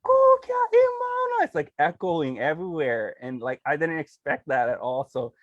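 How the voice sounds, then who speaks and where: A man, a guest telling a story in an animated way, laughing often and acting out quotes. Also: mid-range voice, moderate pace, no room sound, highs cut off.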